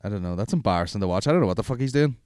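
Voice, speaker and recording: A man's voice: lowish voice, expressive, rapid-fire, darkish tone, dry recording. A man, hosting a podcast in rambling, profane, jokey casual chat. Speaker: podcast host.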